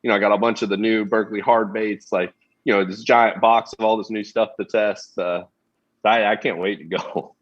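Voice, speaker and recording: A man in his thirties, from Florida, chatting casually as a guest pro angler, halting with many restarts. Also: fairly low pitch, fairly even intonation, muffled recording. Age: 30s. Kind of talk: casual podcast chat.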